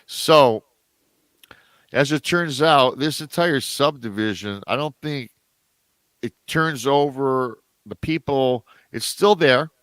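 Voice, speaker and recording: A man telling a story as a podcast guest in a casual way, animated, jumping up in pitch whenever he acts out what others said. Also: takes it slowly, no room sound. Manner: animated, acts out quoted voices with big pitch jumps.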